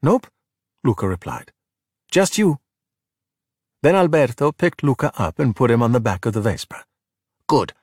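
Animated male storybook narrator, dry sound. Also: medium pitch, fast talker, hardly any pauses, slightly rough, no echo. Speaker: audiobook narrator. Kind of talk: storybook reading.

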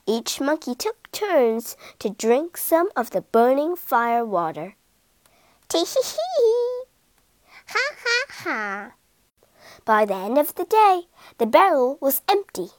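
Woman reading a storybook for english learners, high lively voice, slow clear reading, dry close mic. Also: no room sound.

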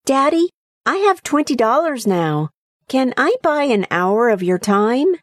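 A woman's voice: very animated, a little slow, no echo, clean studio sound. A woman voicing a small five-year-old boy who pleads with his father. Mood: earnest. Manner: high, eager, pleading.

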